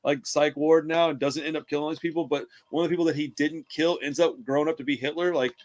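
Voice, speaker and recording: Casting: young guy, rambling storyteller, curses freely, fairly high voice. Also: steady tone, fast. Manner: rambling storyteller, swears a lot, says dude and bro. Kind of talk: casual chat.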